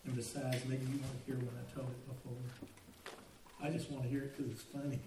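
A man's voice: mid-range voice, flat delivery, a little fast, background noise. An older man preaching a sermon in a church, a folksy joke-teller who turns earnest. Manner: folksy, joking storyteller turning earnest. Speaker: pastor. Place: church sanctuary. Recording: roomy echo, mic at a distance.

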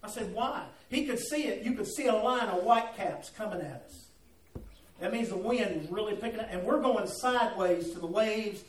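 A man's voice: sits high, moderate pace, recorded from a distance. A man preaching, telling a folksy, humorous story and calling on listeners by name. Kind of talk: storytelling sermon. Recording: echoey room, voice off-mic.

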